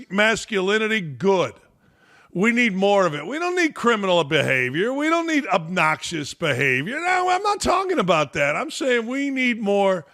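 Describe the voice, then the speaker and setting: A high-pitched, gravelly middle-aged American man delivers a blunt, profane sports rant, breaking into shouts. His voice is bright and forceful, recorded dry and close. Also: dry recording. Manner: blunt, profane, fiery ranting with shouted outbursts. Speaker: sports talk show host.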